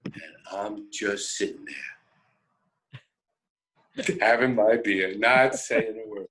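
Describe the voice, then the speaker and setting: A man telling a road story on a radio show, animated and self-interrupting, often laughing. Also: lowish voice, slow, low-quality recording. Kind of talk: casual storytelling.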